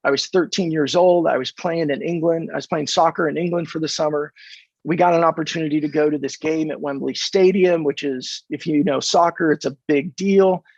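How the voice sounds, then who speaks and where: A man's voice: on the high side, a little fast, vocal fry, husky, no echo. An American man from California in his fifties, a podcast guest telling stories in a casual interview and acting out the dialogue with energy. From California, USA. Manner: animated storyteller who acts out dialogue. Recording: dull, dry remote podcast audio.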